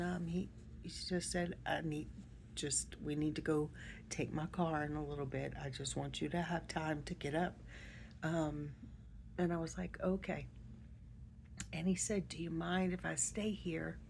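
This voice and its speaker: Middle-aged woman, soft and emotional personal monologue, slow and halting, fairly low mellow voice. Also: slight background noise. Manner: soft-spoken, emotional, halting with many pauses. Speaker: vlogger.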